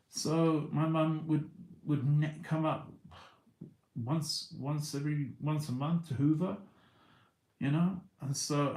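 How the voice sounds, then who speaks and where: A man's voice: mid-range voice, vocal fry, darkish tone, echoey room, rough recording. A man telling a long story on a casual livestream, stumbling over restarts and repeating words as he goes.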